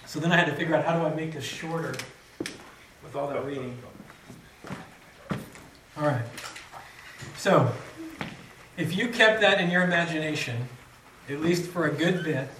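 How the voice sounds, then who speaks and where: A man's voice: fairly high pitch, a bit bright, a little hiss or hum. A man preaching a sermon, reading scripture aloud with dramatic rises on the quoted cries. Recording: echoey room, mic from a distance.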